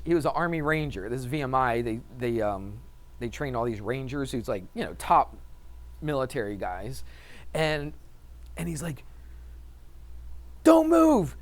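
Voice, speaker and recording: A man teaching a math class, telling a story with lots of laughter and acting it out, then teasing his students. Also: fairly high pitch. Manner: animated, laughs often, acts out story.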